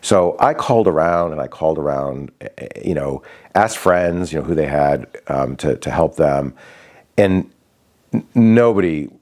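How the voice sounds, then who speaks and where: A man casually telling a personal story as a father, halting and restarting often and acting out what others said. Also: rumbling low, expressive, a little mellow. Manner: halting, many restarts and fillers, acts out quoted voices.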